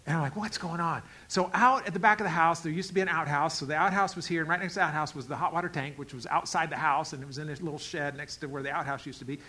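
A middle-aged male pastor telling a story in a sermon, acting out the dialogue and swinging from loud outbursts to quiet asides. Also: on the high side, rapid-fire, few pauses, poor audio. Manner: animated, acts out dialogue with big swings in loudness.

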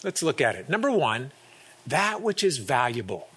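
A middle-aged pastor preaching a sermon, earnest, often repeating words and acting out little quoted exchanges. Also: male voice, medium pitch, big pitch swings, normal speed, a bit bright, husky.

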